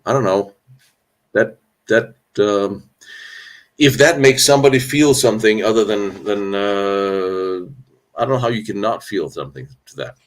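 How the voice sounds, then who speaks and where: Deep-voiced man hosting a live Q&A. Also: unhurried. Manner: candid, rambling, with restarts and sarcasm. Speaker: battlefield history host. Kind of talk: live stream Q&A. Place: indoors, traveling on location.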